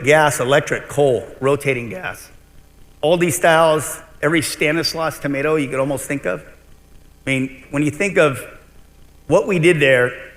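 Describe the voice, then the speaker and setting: Guy doing a keynote on stage, kinda high voice, jokes w the crowd, big reverby hall. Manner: storytelling, animated, jokes with the crowd. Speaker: keynote speaker. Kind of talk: conference keynote speech. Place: large convention hall.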